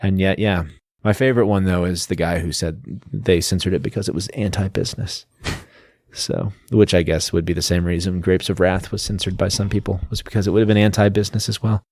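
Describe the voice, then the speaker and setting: A man with a low, darkish voice and steady tone briskly explains the background of a novel on his podcast in a casual book chat. Listing facts, he frequently breaks off to restart sentences; the recording is dry and clean, studio style.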